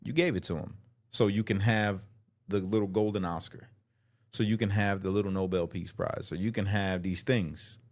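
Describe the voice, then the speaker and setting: A man's voice: fairly low pitch, fairly even intonation, moderate pace. A man hosting a show, reacting to a clip in blunt, slangy casual commentary.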